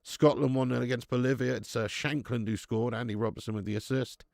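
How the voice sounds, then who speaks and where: A young man running a live football watch-along, swearing and chatting with viewers between bursts of excited commentary. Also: medium pitch, brisk, vocal fry, no room sound, studio quality. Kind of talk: live match commentary and casual chat.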